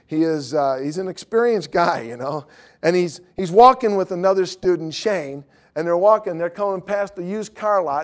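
A middle-aged man preaches in a storytelling style, his voice sitting a touch high for a man. He is animated, slips into acted voices for the people in his story, and laughs as he goes. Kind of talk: storytelling sermon.

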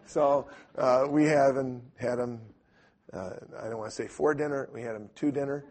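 A middle-aged man preaching a sermon with a husky voice, telling stories and acting out the voices in them. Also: medium pitch, normal speed. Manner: animated storyteller who acts out voices in his stories. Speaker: preacher or Bible teacher. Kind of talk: storytelling sermon to a live audience.

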